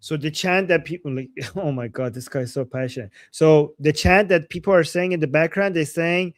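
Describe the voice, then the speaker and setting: A man hosting a casual live stream, reacting with excitement to protest videos and translating the chants for his viewers. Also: a little high, moderate pace, few pauses, no room sound, studio quality. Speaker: political commentary host. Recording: loud background noise.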